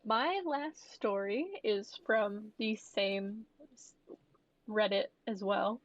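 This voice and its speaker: A woman co-hosting a podcast jokes playfully, laughs readily, and reads a listener story aloud in a casual chat. Her voice is mid-range, with no room sound and the highs cut off.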